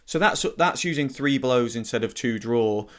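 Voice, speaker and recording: A man teaching a harmonica lesson in a relaxed, easygoing way, thinking aloud and correcting himself as he explains. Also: mid-range voice, moderate pace, faint music behind. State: slightly out of breath. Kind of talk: relaxed instructional talk.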